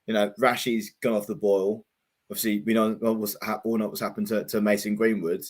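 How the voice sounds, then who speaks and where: A man with a somewhat low voice co-hosting a relaxed football comedy chat. He talks in easygoing, matey banter, dropping "mate" into nearly every sentence. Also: a little fast. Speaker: co-host.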